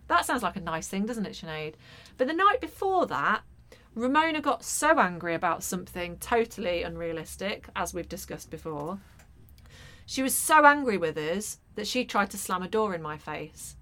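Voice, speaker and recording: A woman in her thirties, a podcast co-host telling an animated, sweary story in casual chat. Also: medium pitch, normal speed.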